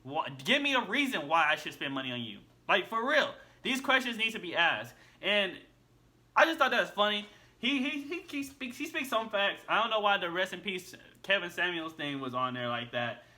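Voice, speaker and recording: A man talks straight to his viewers in a casual reaction video, blunt and full of slang. His voice sits high and rings very bright, almost sharp. He repeats his points as he works them out. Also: sing-song, normal speed.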